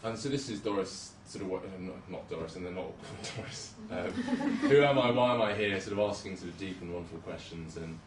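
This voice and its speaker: Give me a low-voiced young man, chatty and hesitant, in an echoey hall. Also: steady tone, brisk, few pauses, noisy background. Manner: chatty, self-deprecating, hesitant with many ums. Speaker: junior doctor giving a talk. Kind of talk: casual presentation with slides. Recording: roomy hall, speaker far from mic.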